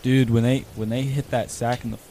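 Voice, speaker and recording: A young man chatting casually about sports, enthusiastic and quick to laugh. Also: medium pitch, level tone, mellow, a little hiss or hum. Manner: enthusiastic, laughing fan talk.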